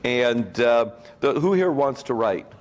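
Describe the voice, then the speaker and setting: A man's voice: mid-range voice, animated, slow. Rambling, joking man giving a convention speech. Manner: rambling, joking, self-interrupting with fillers. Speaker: guest of honor speaker.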